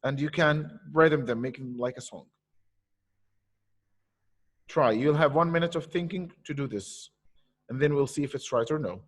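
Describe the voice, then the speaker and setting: A man teaching an online poetry lesson, patiently explaining and repeating key points. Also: medium pitch. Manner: patient, explains slowly with repetition. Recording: echoey room with long reverb.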